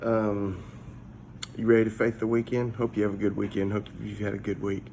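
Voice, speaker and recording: A man's voice: fairly low pitch, completely flat delivery, brisk, vocal fry, warm tone, a little hiss or hum. A man, a pastor, giving a casual morning devotional in a conversational, searching way, often repeating his words. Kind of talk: short devotional talk.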